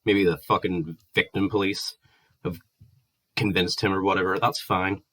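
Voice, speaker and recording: Low-voiced Northern Irish man ranting. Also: steady tone, moderate pace, fairly bright tone. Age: 20s. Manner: heated, sweary, exasperated ranting. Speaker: vlogger. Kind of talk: angry ranting monologue.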